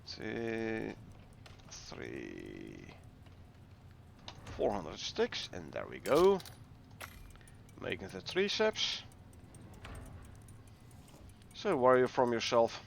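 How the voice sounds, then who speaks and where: A man's voice: fairly low pitch, slow pace, creaky, long pauses, a little hiss or hum. A man from the Netherlands with a Dutch accent, chatting casually with viewers while he plays and explains a game. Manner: relaxed, chatty, greets viewers while playing. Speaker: gaming livestreamer. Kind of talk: casual livestream commentary.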